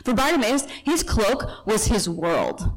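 Woman Bible teacher, conversational storyteller, slightly higher voice, who acts out the scene as she goes. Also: sing-song, slow, rough recording. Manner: chatty asides and self-corrections.

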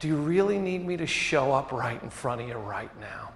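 A man preaching a sermon as pastor, asking rhetorical questions and dropping to quiet emphasis. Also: mid-range voice, animated, moderate pace, slight background noise. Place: church sanctuary. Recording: echoey hall reverb.

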